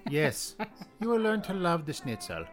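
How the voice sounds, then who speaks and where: A player voicing a pompous male doctor with a fake German accent and a hammy, drawn-out delivery. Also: medium pitch, wildly swooping pitch, a bit bright, soft background music, heavily acted. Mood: smug.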